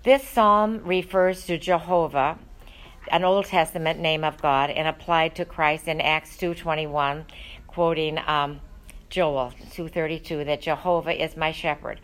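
A woman's voice: sits low, fairly even intonation, a little slow, low-quality recording. A woman teaching a Bible study, talking in an earnest, conversational way with frequent ums and uhs.

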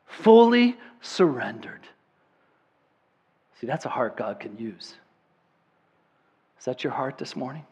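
A male pastor preaching a sermon, swinging between loud, emphatic declarations and quiet, earnest appeals, repeating words for emphasis. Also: mid-range voice, very animated, takes it slowly, pauses often, breathy edge.

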